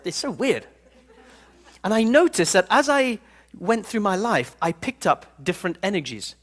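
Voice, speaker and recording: A man giving a live seminar talk to an audience in a room, telling stories in an animated, playful way. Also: on the high side. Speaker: personal development speaker.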